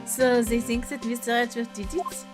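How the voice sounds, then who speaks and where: A woman's voice: fairly high pitch, level tone, normal speed, music in the background, natural voice. A woman voicing a young, earnest male defense lawyer, reading game dialogue aloud in a polite, slightly hesitant way. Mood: curious.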